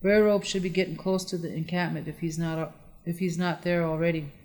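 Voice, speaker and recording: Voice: mid-range voice, little pitch movement, a little fast, darkish tone, close to an everyday voice. A narrator voicing Two Bulls, a warrior leader who gives orders in a terse, commanding way. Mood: decisive. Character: decisive adult warrior leader. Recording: long echoey reverb.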